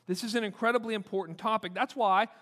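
A bright, high-pitched male pastor delivers a sermon with animated, repeated emphasis. His voice rings through the long reverb of a large hall. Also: fast. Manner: animated, repeats points for emphasis, acts out quoted people.

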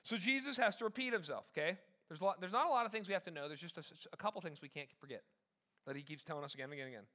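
Male pastor, middle-aged, high bright voice, lively sermon delivery with jokes. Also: racing. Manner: animated, conversational preaching with self-deprecating humor.

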